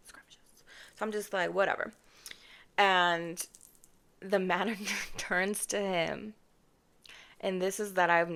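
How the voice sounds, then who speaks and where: A woman's voice: mid-range voice, normal speed, creaky, long pauses. Sassy chatty young woman telling a story. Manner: chatty and expressive, mimics others with mock voices; sassy, addresses viewers as babes and y'all. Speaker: vlogger. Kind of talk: casual storytime monologue. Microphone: personal microphone.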